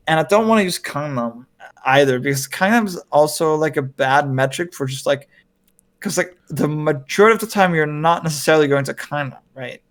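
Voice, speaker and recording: A man with a somewhat high voice chats casually as a podcast host. He rambles freely and leans heavily on "like" and tag questions. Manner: rambling, heavy use of "like" and "right?". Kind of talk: casual chat. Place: lives in Korea.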